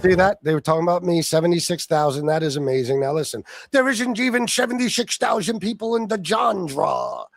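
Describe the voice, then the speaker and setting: A man's voice: high voice, lively intonation, a little fast, vocal fry, few pauses, no echo. A man hosting a livestream, talking in crude, profane, mocking banter and laughing at his guests. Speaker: livestream host.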